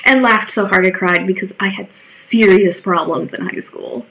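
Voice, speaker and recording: A woman's voice: mid-range voice, moderate pace, vocal fry, a bit bright, low-quality recording. A woman in her twenties chatting casually and wryly while she draws, swearing freely and acting out her own remarks in quoted voices. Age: 20s. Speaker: vlogger. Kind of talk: casual storytelling while drawing.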